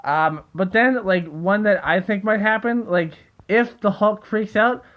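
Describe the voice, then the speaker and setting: A young man rambling excitedly in a casual solo video, full of fillers and restarts. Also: high-pitched, a little slow, muffled recording. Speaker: theory video host.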